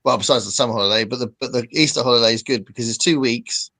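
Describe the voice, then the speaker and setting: A man's voice: medium pitch, racing, bright, forceful tone. Chatty male host. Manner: chatty, rambling, reads out chat comments. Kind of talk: casual livestream chat.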